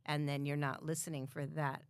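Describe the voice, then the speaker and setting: An American woman in her fifties chatting casually as a podcast guest, relaxed and laughing often. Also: deep voice, moderate pace, clean tone, dry recording. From United States. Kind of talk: casual chat.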